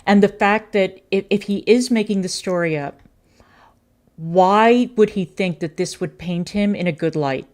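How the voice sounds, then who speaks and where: A woman's voice: mid-range voice, measured pace, darkish tone. A woman streamer reacting to clips with sarcastic, scornful commentary.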